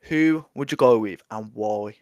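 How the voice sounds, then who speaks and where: A man hosting a podcast, relaxed and emphatic as he shares views and asks questions. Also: lowish voice, unhurried, dry recording, clean studio sound. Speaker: podcast host. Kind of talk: casual podcast interview.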